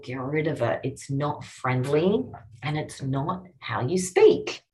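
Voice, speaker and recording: Low-voiced upbeat Australian woman coach. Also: expressive, slow, darkish tone. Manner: upbeat, encouraging, chatty teacher. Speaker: podcast host and copywriting coach. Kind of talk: casual instructional podcast.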